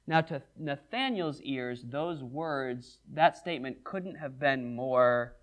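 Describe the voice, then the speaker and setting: A man's voice: high-pitched, unhurried. A man preaching a Bible study sermon, reading verses aloud and acting out the dialogue in them. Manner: animated, acts out scripture dialogue.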